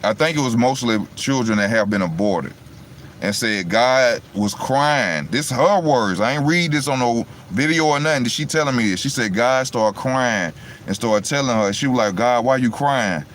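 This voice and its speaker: A man's voice: mid-range voice, normal speed, fairly bright tone, a little hiss or hum. A man talking casually to his viewers through his phone and retelling a story in a loose, rambling way, often asking "you know what I'm saying". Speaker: vlogger. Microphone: phone on charge.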